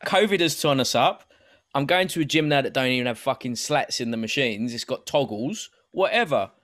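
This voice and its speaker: A man's voice: mid-range voice, lively intonation, fairly quick, fairly bright tone, no echo. British man bantering, dry close sound. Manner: joking, teasing, laid-back. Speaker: podcast co-host. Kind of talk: casual banter.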